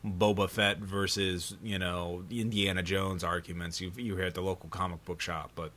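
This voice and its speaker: A man with a fairly low voice talking on a gaming podcast. He chats loosely, with restarts, and corrects his co-host with a pedantic streak. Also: level tone, moderate pace, fairly bright tone. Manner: pedantic, chatty, laughs easily. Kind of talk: casual chat about tabletop gaming.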